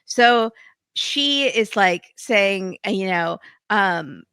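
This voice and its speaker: A woman hosting a podcast, recapping a reality show in casual chat, animated and laughing as she quotes people. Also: medium pitch, extremely slow, clear, resonant tone, no room sound. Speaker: podcast host.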